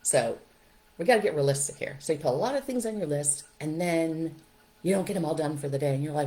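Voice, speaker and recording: A woman's voice: low voice, lively intonation, fast talker, warm tone, low-quality recording. A middle-aged woman hosting a parenting podcast, giving upbeat, coaching advice and often checking in with "okay?" and "right?". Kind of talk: encouraging advice talk.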